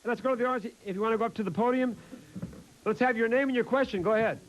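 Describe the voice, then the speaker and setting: A man hosting a combative talk show, mocking letter writers and shouting his opinions. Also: very high-pitched, racing, lo-fi sound, a little hiss or hum. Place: TV studio with live audience. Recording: loud cheering studio crowd.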